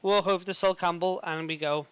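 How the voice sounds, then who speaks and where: A man with a notably high voice, playing a priest character in a tabletop game. He talks in a jokey, playful way. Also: steady tone, a little fast, a bit bright, clear, resonant tone, no echo. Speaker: player.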